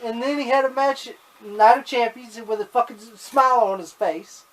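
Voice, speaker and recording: High-voiced man ranting bluntly. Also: moderate pace, fairly bright tone. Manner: blunt, heavy swearing, ranting. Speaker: podcast co-host. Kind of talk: casual wrestling chat.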